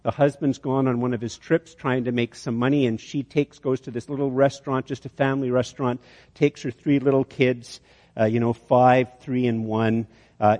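A man preaching a sermon tells an illustration story, frequently restarting phrases and repeating words as he does. His medium-pitched voice is a little mellow, heard on a muffled recording with long hall reverb.

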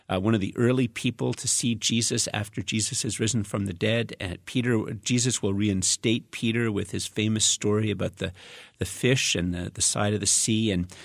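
Low gravelly-voiced man preaching a sermon. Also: steady tone, moderate pace, no echo, studio quality. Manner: reflective, conversational preaching with fillers. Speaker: pastor. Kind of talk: sermon with scripture reading.

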